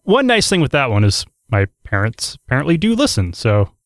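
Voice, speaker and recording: A man's voice: medium pitch, wildly swooping pitch, a little fast, dry recording. A man hosting a podcast in casual chat, joking and talking with frequent fillers into a studio mic. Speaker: podcast host.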